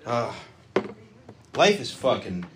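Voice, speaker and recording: A man's voice: mid-range voice, sing-song, takes it slowly, a little hiss or hum. A man doing profane, brash crowd-work stand-up comedy on stage. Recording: live club audience. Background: crowd laughter.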